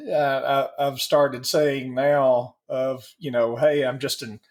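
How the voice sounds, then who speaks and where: A middle-aged man, a podcast co-host, speaking in a measured, blunt way in casual chat. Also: mid-range voice, little pitch movement.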